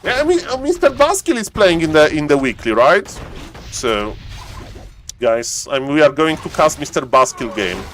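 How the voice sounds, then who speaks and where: A man casting a strategy game live on stream, joking around and yelling excitedly when fights break out. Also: normal speed, slight background noise. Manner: playful, jokey, bursts into excited high-pitched yelling in fights. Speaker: esports caster.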